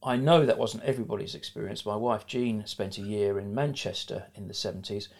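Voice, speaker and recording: A man's voice: on the low side, brisk. A man in his sixties with a middle-class South London accent, a guest in an interview talking frankly and rambling, with many fillers and restarts. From South London, England. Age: 60s. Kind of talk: conversational interview.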